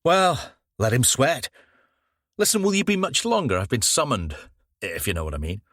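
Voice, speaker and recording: A man's voice: mid-range voice, sing-song, normal speed, a bit bright, no echo, studio quality, pitched above the performer's own voice. A man voicing a crude middle-aged man who gloats and swears. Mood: brisk.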